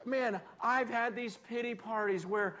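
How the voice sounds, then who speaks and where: A man with a notably high voice delivers a sermon to a congregation. He keeps it conversational and lively, slipping into acted-out quotes and poking fun at himself. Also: a little slow. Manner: lively, conversational preaching with self-deprecating humor and acted quotes. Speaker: pastor.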